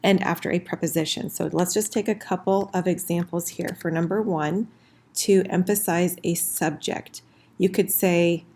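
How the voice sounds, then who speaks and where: Woman teacher, lowish voice, casual explainer, slows for examples, typing in the background. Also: fairly even intonation, a little mellow, a little hiss or hum. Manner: friendly, slows down for example phrases. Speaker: French teacher. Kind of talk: casual recorded lesson at a whiteboard.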